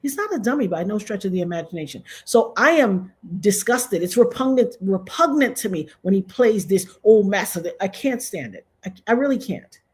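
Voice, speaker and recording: A woman's voice: medium pitch, animated, normal speed, few pauses. An American woman doing casual commentary, emphatic and repetitive, with sudden outbursts. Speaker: commentary vlogger.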